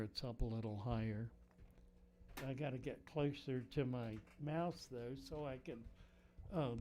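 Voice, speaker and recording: A man's voice: medium pitch, darkish tone. A man hosting a casual fishkeeping livestream from his home, answering viewer questions and thinking aloud while he fiddles with his microphone. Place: home room with fish tanks. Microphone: desk microphone.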